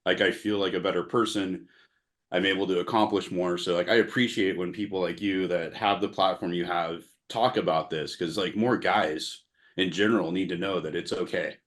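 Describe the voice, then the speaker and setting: A man with a very low voice hosts a podcast in a relaxed, casual way. His speech is loose and easygoing, full of filler words. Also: moderate pace. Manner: laid-back, fills his talk with "like". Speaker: podcast host. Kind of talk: casual chat.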